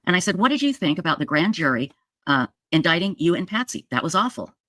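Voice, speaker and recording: A woman recounts events straight to her viewers in a casual, animated retelling. Her pitch leaps up when she stresses a point, and she keeps checking in with a quick "okay?". The sound is dry and close, with no room echo. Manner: addresses viewers directly with frequent "okay?". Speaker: true crime video commentator.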